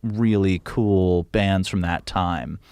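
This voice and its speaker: A man's voice: deep voice, steady tone, slow pace, darkish tone, smooth, no room sound, clean studio sound. A man being interviewed as a guest musician, telling long casual anecdotes with lots of fillers and little acted-out quotes.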